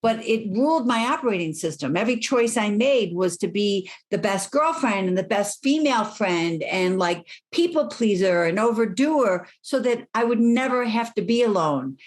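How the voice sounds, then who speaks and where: A woman's voice: medium pitch, expressive, normal speed, few pauses. A middle-aged woman, a life coach, speaking candidly and reflectively as an interview guest.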